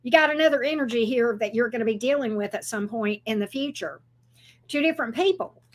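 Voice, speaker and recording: A woman giving a casual tarot reading who talks in a chatty, excitable way and swears freely. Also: a little high, brisk. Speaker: tarot reader.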